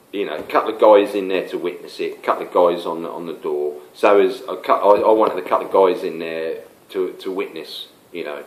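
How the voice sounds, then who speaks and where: An older man tells a rambling personal story. His voice sits low and keeps stopping and restarting. The room gives it a roomy, echoey sound. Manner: rambling, stop-start, many fillers. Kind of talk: casual spoken anecdote. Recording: roomy echo.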